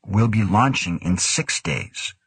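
A man's voice: fairly low pitch, lively intonation, takes it slowly, a bit bright, slightly rough, no echo, heavily acted. A man voicing a tense, precise female neurophysiologist who speaks formally. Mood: frustrated. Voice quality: formal, clipped.

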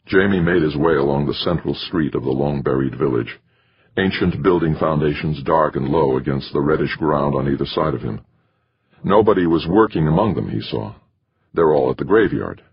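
A man reading a novel aloud as an audiobook narrator, in expressive storytelling. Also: rumbling low, normal speed, breathy edge, muffled recording. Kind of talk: scripted narration.

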